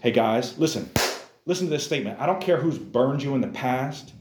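A man's voice: mid-range voice, lively intonation, fairly quick, echoey room, background noise. A man teaching a Bible lesson to a youth class, emphatic and addressing his listeners directly.

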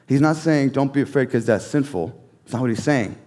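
A man preaching a sermon in an earnest, measured way, repeating key phrases and sometimes dropping to a near whisper. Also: medium pitch, darkish tone. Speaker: pastor.

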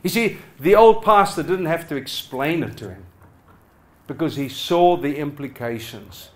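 A man's voice: fairly high pitch, lively intonation, a little slow. Passionate man preaching a sermon. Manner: passionate, swinging from loud urging to hushed. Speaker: pastor. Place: church hall with a congregation.

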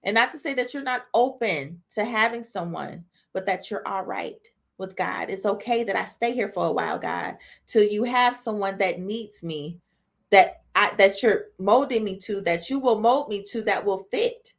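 A woman's voice: medium pitch, lively intonation, moderate pace, creaky. A woman hosting a podcast who gives a casual devotional talk to women. She speaks earnestly and conversationally, and often ends sentences with "right?" and "you know?". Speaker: podcast host.

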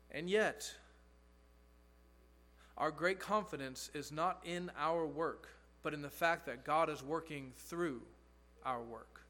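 A man's voice: on the high side, a bit bright. A man pastor preaching a sermon, earnest and emphatic, repeating key phrases for stress.

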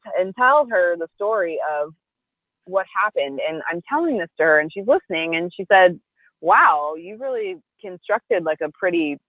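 A woman, a restaurant founder, telling a personal story in an interview, animated and acting out the voices of the people she quotes. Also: lowish voice, no echo, phone-quality sound. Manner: conversational, with frequent "like" and restarts.

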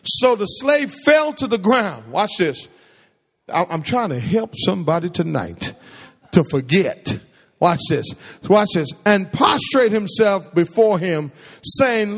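A man's voice: sits high, sing-song, slow. A man preaching a sermon in a church sanctuary, using call-and-response and repeating phrases for emphasis. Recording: echoey hall with long reverb.

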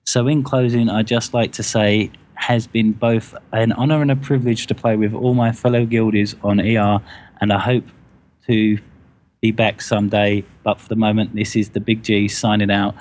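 A man co-hosting a gaming podcast, reading a listener email aloud in a halting, self-conscious way with frequent stumbles. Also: lowish voice, level tone, a little mellow. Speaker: podcast co-host.

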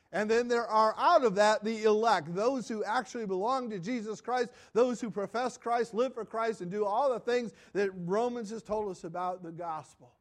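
High-voiced man preaching conversationally. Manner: conversational preaching, asks and answers himself; trails off quietly at phrase ends, with restarts. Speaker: pastor. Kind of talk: sermon.

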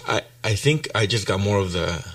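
A man's voice: lowish voice, expressive, normal speed, fairly bright tone, no room sound, distant mic. A middle-aged man, talking casually and bluntly with heavy swearing and bits of Spanish. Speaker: guest. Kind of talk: casual chat. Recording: dry sound, speaker off mic.

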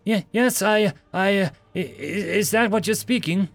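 A man's voice: high-pitched, a little fast, no room sound, pitched above the performer's own voice. A man voicing a young, nervous, catlike alien sentry who stammers and fumbles his words. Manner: stammering, flustered.

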